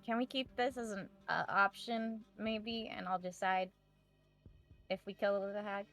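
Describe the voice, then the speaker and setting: A woman player speaks in character during a tabletop game, hesitant and thinking aloud. Her voice is mid-pitched. Soft music plays behind her. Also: fairly even intonation, a little slow.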